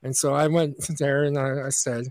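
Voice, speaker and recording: A man's voice: medium pitch, level tone, moderate pace, a little mellow, no echo. A man co-hosting a podcast, telling a long story in casual chat and often restarting his sentences. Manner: rambling, full of restarts, acts out quoted voices. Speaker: podcast co-host.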